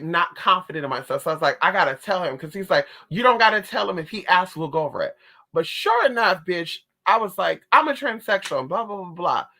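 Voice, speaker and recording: A woman's voice: deep voice, a bit bright. A woman telling a personal story in a sassy, dramatic way, calling her listeners honey and girl. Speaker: spiritualist vlogger. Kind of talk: casual storytelling to camera.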